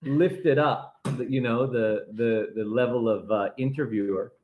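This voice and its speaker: Teasing pastor in an echoey room. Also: male voice, medium pitch, moderate pace, narrow, tinny audio. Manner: playful, teasing, warm praise. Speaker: pastor and guest. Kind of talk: casual live chat.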